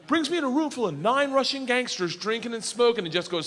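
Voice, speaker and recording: A man's voice: extremely high pitch, lively intonation, fast talker, few pauses, a bit bright. A middle-aged man telling a rowdy, profane stand-up story, often laughing through his lines. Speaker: stand-up comedian.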